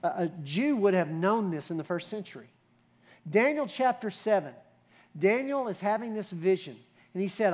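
A man's voice: high-pitched, expressive, moderate pace. A man preaching a sermon as pastor, talking in a conversational way with rhetorical questions and emphatic builds.

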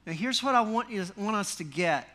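A man preaching a sermon in a folksy, animated way, full of rhetorical questions and wry humor. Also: high-pitched, moderate pace. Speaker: pastor.

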